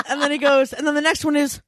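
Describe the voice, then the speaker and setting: A woman in her thirties telling an animated story in casual chat, laughing often and swearing freely. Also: high voice, no echo. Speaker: storyteller, mother.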